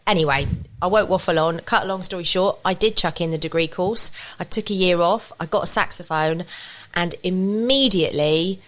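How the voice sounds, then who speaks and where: A woman's voice: mid-range voice, brisk, a bit bright. A woman from England, a podcast guest, talking in a chatty, rambling storytelling way into a studio podcast mic. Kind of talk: casual podcast chat.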